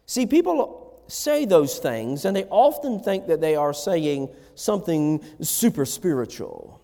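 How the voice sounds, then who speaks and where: A man delivers an impassioned sermon, his high-pitched voice climbing and dropping with lively swings. He preaches like a pastor before his congregation. The sound carries a long reverb from a church hall. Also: unhurried. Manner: impassioned preaching, rising and falling.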